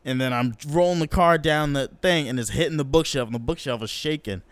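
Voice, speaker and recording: Smooth-voiced young man telling animated stories. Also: brisk, no echo. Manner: animated, profane, slangy, acts out quotes in a higher voice. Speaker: podcast host. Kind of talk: casual solo storytelling.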